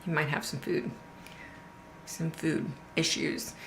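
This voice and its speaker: A woman's voice: deep voice, level tone, takes it slowly, fairly bright tone, roomy sound, a little hiss or hum. A middle-aged woman hosting a livestream, chatting casually and cursing now and then. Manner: chatty, swears freely, drawls "y'all". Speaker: host of a livestream.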